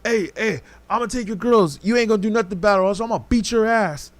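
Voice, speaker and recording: Man putting on a drunk hulking record boss, swaggering, threatening, higher-pitched, dry sound. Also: fast talker, dry recording, close to an everyday voice. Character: huge drunk menacing male record boss.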